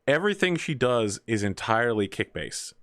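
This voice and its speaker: A man's voice: medium pitch, very animated, moderate pace, fairly bright tone. A man running a tabletop game as game master, narrating loosely with many fillers.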